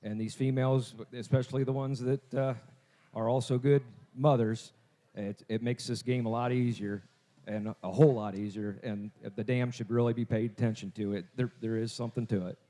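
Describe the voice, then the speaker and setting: A man's voice: mid-range voice, fairly even intonation, warm tone. A man announcing lots at a livestock sale, talking casually and often restarting his sentences. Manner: halting, repeats words. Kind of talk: casual explanatory talk.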